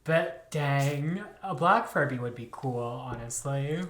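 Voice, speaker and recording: A woman's voice: rumbling low, takes it slowly, fairly bright tone, echoey room. A woman co-hosting a podcast, reacting in casual, chatty talk full of fillers. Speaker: podcast co-host. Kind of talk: casual chat.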